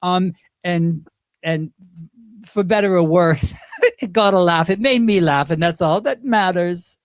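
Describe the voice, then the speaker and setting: A man's voice: high-pitched, a little slow, clean tone, no room sound, clean studio sound. A man in his fifties, a drag performer telling rambling stories as an interview guest. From Great Britain. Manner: chatty, rambling, slips into impressions. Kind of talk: casual interview storytelling.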